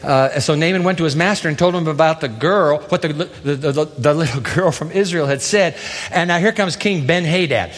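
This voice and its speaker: A male pastor preaching a sermon with animated, theatrical storytelling. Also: fairly high pitch, moderate pace. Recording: long hall reverb.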